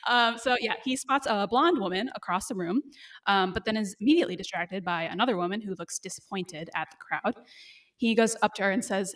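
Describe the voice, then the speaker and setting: A woman co-hosting a podcast, recapping a TV episode in casual chat, with fillers and quick laughs. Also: medium pitch.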